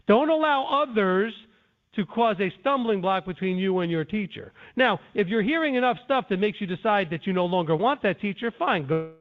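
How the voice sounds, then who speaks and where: A man's voice: high-pitched, animated, moderate pace. A man teaching scripture in an earnest, defensive lecturing way, with frequent restarts. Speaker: Bible teacher. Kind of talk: conference-call teaching. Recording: tinny phone line.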